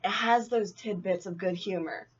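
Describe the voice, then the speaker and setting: Female co-host, deadpan teasing, casual talk, mid-pitched voice, lo-fi audio. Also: moderate pace. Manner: dry, teasing remarks. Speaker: podcast co-host. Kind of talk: casual chat.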